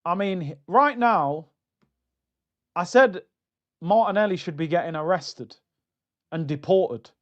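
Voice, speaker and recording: A man hosting a football fan channel, ranting in a mocking, slangy, animated way. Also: sits high, slow pace, pauses often. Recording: dull lo-fi sound.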